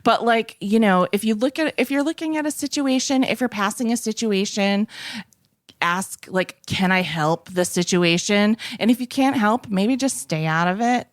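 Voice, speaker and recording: A woman's voice: a little high, animated, moderate pace, no room sound, studio quality. A woman in casual chat, frank and chatty, swearing easily.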